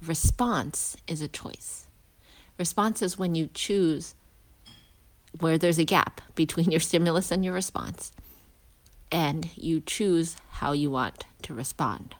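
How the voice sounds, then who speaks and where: A woman, a healing practitioner and parent, gives a casual spoken lesson while walking outdoors to school, reflective and pausing, with restarts and hushed asides. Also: low voice.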